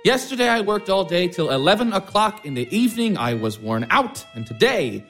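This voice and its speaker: An actor playing a chatty, self-satisfied schoolteacher husband. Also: male voice, high voice, big pitch swings, brisk, fairly bright tone, soft background music, full character voice. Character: fussy, cheerful schoolteacher husband. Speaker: teacher. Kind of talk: stage-play radio acting.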